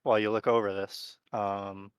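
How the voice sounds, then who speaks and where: A man narrating as game master of a tabletop horror game, talking in a relaxed, rambling way with lots of fillers. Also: fairly low pitch, moderate pace, clear, resonant tone, dry recording.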